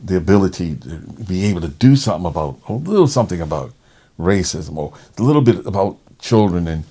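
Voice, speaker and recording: A man who works as a respiratory therapist, telling a personal story in conversation in an animated way. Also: sits low, quick pace, breathy edge. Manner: animated, acts out quoted voices.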